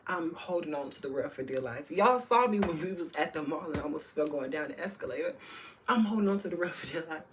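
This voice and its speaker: Woman vlogger, low voice, candid and profane storytelling, chatty and direct to camera. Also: slight background noise. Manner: candid and profane, talks straight to viewers; chatty, many fillers and restarts. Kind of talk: storytime vlog.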